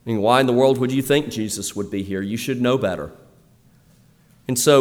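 A man's voice: mid-range voice, moderate pace, a little mellow. Man preaching in a reverberant church. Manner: conversational preaching with frequent fillers and restarts. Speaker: pastor. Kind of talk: sermon. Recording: long reverb of a church hall.

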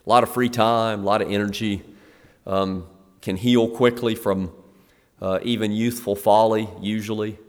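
A middle-aged man preaching an expository sermon, conversational and explanatory, sometimes acting out the scene in lively quoted asides. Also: fairly low pitch, normal speed. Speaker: pastor. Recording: long hall reverb.

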